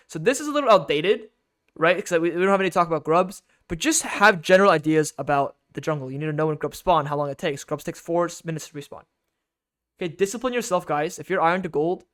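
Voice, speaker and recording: A man's voice: a little high, a bit bright. A man giving an instructional game guide as a coach, emphatic and repetitive, often checking in with "okay?".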